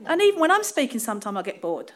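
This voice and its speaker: A woman's voice: fairly high pitch, sing-song, very fast, a crowd in the background. A woman from London's East End with a Cockney accent, preaching an informal, laughing, self-deprecating sermon.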